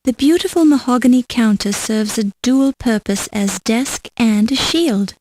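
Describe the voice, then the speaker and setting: A woman's voice: on the high side, unhurried, a little mellow, slight background noise, natural voice, low-quality recording. A woman narrating an adventure game with dry, wry scripted remarks.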